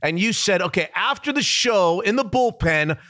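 A man with a high, bright, forceful voice tells a story on a sports podcast. He is dramatic and animated and laughs at himself. The sound is dry and close, with no room around it. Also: moderate pace, dry recording. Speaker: sports radio host.

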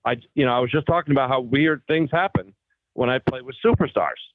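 A fast-talking guest golfer with a mid-range voice shares old tour stories over the phone, with no echo on the line. His casual storytelling is animated, complete with acted-out impressions of the people involved.

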